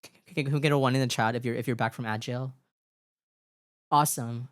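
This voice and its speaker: A woman's voice: very deep voice, steady tone, a little fast, no echo, studio quality. A woman streamer chatting live with her viewers, giggly and flustered, often repeating herself in a cutesy, playful way. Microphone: desk microphone.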